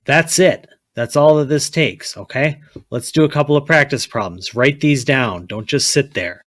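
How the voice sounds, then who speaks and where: A man's voice: medium pitch, normal speed, a bit bright, dry recording. A man teaching a chemistry lesson, blunt and repetitive, often checking with "okay?" and telling students to write things down. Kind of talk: classroom lecture.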